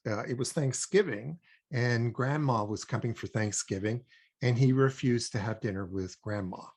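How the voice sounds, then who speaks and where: An older man from Canada, a guest expert on child development, explaining at a measured pace with frequent ums and emphatic points. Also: medium pitch, creaky. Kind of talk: conversational explaining.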